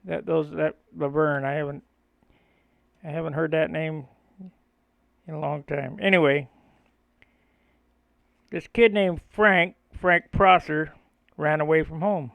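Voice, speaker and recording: An older man with a fairly high voice takes his time, rambling through memories between steps of his model airplane build. The sound is close and dry, with no room around it. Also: fairly even intonation, slow pace, gravelly, long pauses, no echo, phone-quality sound. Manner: rambling, chuckling storyteller. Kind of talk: casual storytelling while building.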